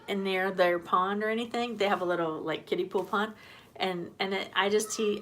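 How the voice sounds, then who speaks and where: With a fairly bright, medium-pitched voice and slight background noise, a woman runs a relaxed homesteading live stream. She greets people from the comments, chats freely, and laughs easily.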